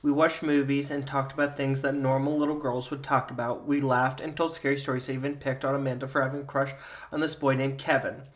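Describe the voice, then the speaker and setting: A man hosting a podcast, reading a spooky story aloud in steady storytelling narration. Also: medium pitch, fairly quick. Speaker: podcast host.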